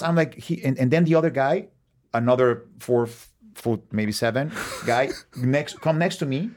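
Animated Mexican man telling stories. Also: moderate pace. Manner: expressive, acts out quotes with big pitch swings, swears freely. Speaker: guest. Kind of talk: animated storytelling in conversation.

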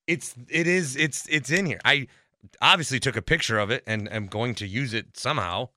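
A man's voice: medium pitch, normal speed, pushed and bright, no room sound. A man hosting a sports podcast, ranting in an exasperated, rambling way and swearing often. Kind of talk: ranting monologue.

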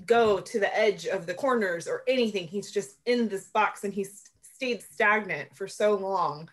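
A woman's voice: mid-range voice, a little slow. A woman co-hosting a casual movie discussion, recapping scenes in chatty detail.

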